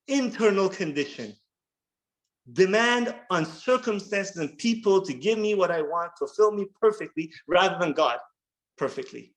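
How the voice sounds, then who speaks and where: A man in his thirties sharing his recovery story at a workshop, earnest and halting, often repeating words as he restarts. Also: high-pitched, animated, rough recording. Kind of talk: personal recovery share.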